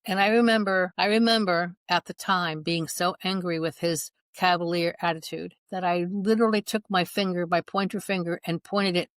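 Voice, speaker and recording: A woman's voice: lowish voice, fairly even intonation, moderate pace, few pauses, dry recording. A middle-aged woman, a mother and guest, giving an earnest personal account in conversation and acting out past dialogue as she goes. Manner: earnest, reenacts dialogue in her retelling.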